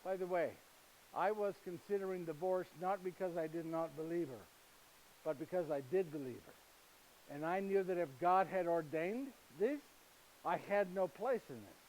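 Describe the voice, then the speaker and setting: An actor playing a humble, earnest Saint Joseph in a live monologue, speaking halting, slightly broken English directly to his listeners. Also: high-pitched, a little mellow, slight background noise, lightly acted, poor audio. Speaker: actor in first-person monologue. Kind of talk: live dramatic monologue to an audience. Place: retreat gathering with live audience.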